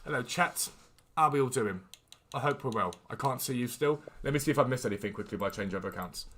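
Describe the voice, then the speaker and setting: A man's voice: mid-range voice, fast talker, background noise. A young man streaming a video game, talking casually and energetically to his viewers. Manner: energetic and chatty. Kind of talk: casual live-stream talk.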